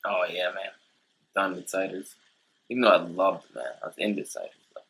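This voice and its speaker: A man with a low-set, forceful bright voice, chatting casually as the co-host of a comedic beer tasting show. He tells loose, rambling stories and acts out the people in them. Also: fairly even intonation, a little fast, gravelly, slightly rough. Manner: rambling storyteller, acts out quotes.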